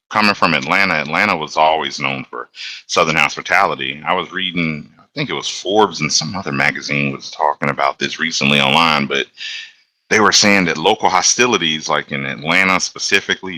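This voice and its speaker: A man from Alabama, a locomotive engineer, chatting as a guest and telling stories in a relaxed, rambling way. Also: a bass voice, no echo. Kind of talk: casual conversational storytelling.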